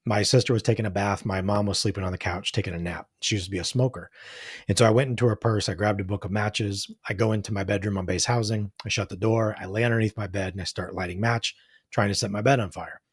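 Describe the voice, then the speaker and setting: A man in his forties with a husky voice tells a candid story as a podcast guest. He sits low in his range and talks earnestly, dropping "like" often. The recording is dry and close. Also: fairly even intonation, fast, no echo. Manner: earnest, frank, frequent "like" fillers. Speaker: podcast guest, de-escalation trainer.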